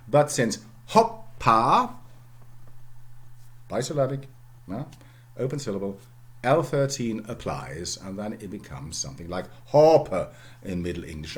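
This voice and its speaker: Low lively male lecturer, many fillers. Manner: explains slowly with many fillers and tag questions. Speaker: university lecturer. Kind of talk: recorded lecture.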